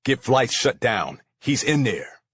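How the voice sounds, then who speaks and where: A man's voice: mid-range voice, very animated, slow, a bit bright, slightly rough, dry recording, exaggerated voice. A man voicing a blunt, terse male detective partner in an audiobook. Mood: urgent.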